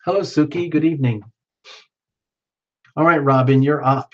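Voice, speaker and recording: A man hosting a live tarot reading stream, chatting casually and greeting viewers by name, with excited whoops now and then. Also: fairly high pitch, normal speed. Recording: dull lo-fi stream audio.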